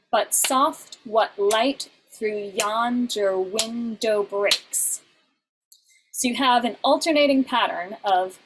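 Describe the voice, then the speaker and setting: A woman at a medium pitch teaching a class over a video call. She explains patiently and step by step, with frequent small fillers. Faint noise sits behind her voice. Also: low-quality recording. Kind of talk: online class lecture.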